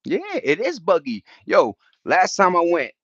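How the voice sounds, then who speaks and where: A middle-aged man, telling stories in casual chat, slangy and animated, jumping into high-pitched impressions. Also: unhurried, slightly rough, dry recording, dull audio. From New York.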